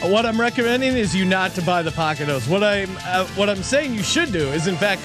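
A man hosting a sports betting podcast, joking around and rattling off quick sponsor reads. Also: sits high. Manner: jokey, laughing often, quick ad patter. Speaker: podcast host.

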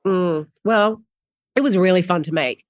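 A middle-aged woman with an Australian accent, a guest actor telling stories in a casual interview, animated and quick in bursts, laughing often. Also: fairly low pitch, no echo, clean studio sound.

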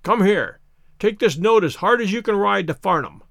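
A man's voice: high-pitched, lively intonation, moderate pace, creaky, fairly bright tone, no echo, studio quality, heavily acted. Man reading as a cold, commanding detective. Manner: cold, clipped, authoritative. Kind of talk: audiobook character reading.

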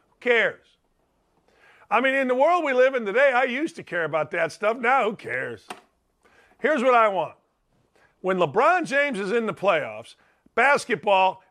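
Hosting a sports talk show, a middle-aged man delivers a rambling, brash monologue while shouting out to chat viewers. His voice is high-pitched and a bit bright.

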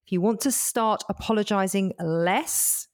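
A woman's voice: medium pitch, measured pace. A woman coach co-hosting a podcast in casual chat, speaking emphatically and summing up points.

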